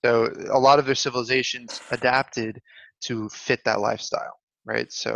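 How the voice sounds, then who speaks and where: Gravelly bright-voiced man, chatty podcast. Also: mid-range voice, little pitch movement, moderate pace, no echo. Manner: chatty, explains with many "like" fillers. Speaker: podcast co-host. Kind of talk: casual podcast chat. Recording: dull lo-fi dry mic sound.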